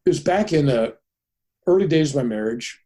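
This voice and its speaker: A man's voice: on the high side, moderate pace. Older man telling a vivid story. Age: 70s. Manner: animated storyteller, voices the people in his story. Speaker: guest. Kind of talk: podcast interview storytelling.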